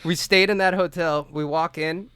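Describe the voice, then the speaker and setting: A man's voice: on the high side, fairly even intonation, normal speed, pushed and bright, smooth, dry recording. A man co-hosting a podcast, telling a story in casual chat, acting out the quotes, swearing freely and laughing often. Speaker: podcast co-host.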